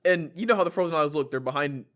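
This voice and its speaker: A man's voice: on the high side, very fast, a bit bright. A man co-hosting a podcast, telling a story casually and animatedly, mimicking the people in it and laughing often. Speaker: podcast co-host.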